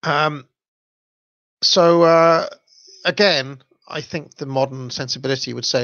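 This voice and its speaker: Gravelly man chatting on a livestream. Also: on the high side, steady tone, unhurried, pauses often, fairly bright tone, dry recording, highs cut off. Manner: chatty, hesitant, with fillers and laughs. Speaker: channel host. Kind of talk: livestream story reading with commentary.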